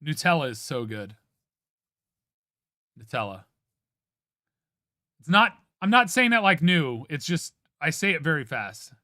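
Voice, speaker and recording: A man's voice: fairly high pitch, sing-song, unhurried, pauses often, sharp tone, dry recording, studio quality. A man from Ohio chatting casually with his stream viewers, giving playfully dramatic opinions.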